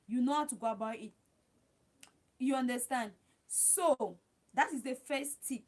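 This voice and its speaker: A woman's voice: on the high side, normal speed, pauses often. A woman hosting a live stream, giving chatty, repetitive advice and talking straight to her viewers. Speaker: livestream host.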